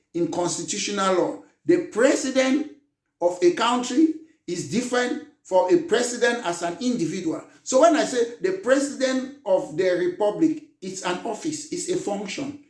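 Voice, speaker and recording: Impassioned high-voiced man, echoey. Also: normal speed, recorded from a distance. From Cameroon. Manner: impassioned, emphatic, rising to shouts. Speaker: political party leader. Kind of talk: political address to followers. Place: room in London. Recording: echoey room, voice off the mic.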